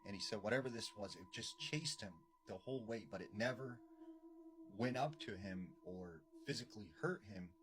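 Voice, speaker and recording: A man's voice: fairly low pitch, normal speed. A man casually retelling a true encounter story in a loose, conversational way, full of fillers. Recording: background noise clearly audible.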